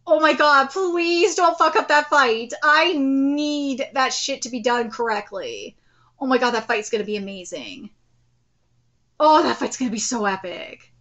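A woman hosting a live anime reaction, outspoken and swearing freely, breaking into excited exclamations. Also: high voice, measured pace, muffled recording.

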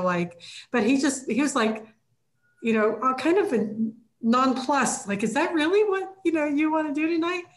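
A woman leading a church class on conflict resolution, talking casually and acting out quoted lines with sudden jumps in pitch. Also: roomy sound. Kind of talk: casual teaching talk.

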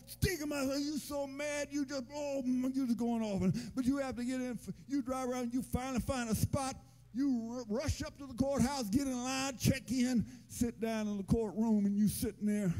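A man pastor preaching a sermon in a church, with a chanting, sing-song delivery that rises to shouts. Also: extremely high pitch, moderate pace. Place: church sanctuary.

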